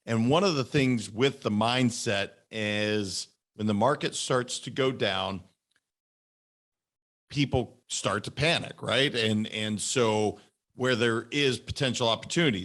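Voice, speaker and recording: A man's voice: mid-range voice, a bit bright. A man hosting an interview podcast, asking long questions with enthusiasm. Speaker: podcast host.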